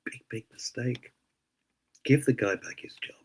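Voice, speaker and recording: A man's voice: mid-range voice, measured pace, a little hiss or hum, rough recording. A man hosting a radio show, ranting indignantly in casual opinionated chat. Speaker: radio host.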